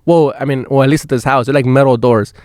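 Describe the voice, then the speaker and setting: A man's voice: mid-range voice, fairly even intonation, fast talker, darkish tone, no room sound, studio quality. A man hosting a podcast, telling casual stories in a rambling way with lots of swearing and restarts, recorded in a van. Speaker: podcast host. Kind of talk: casual storytelling. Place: inside a van.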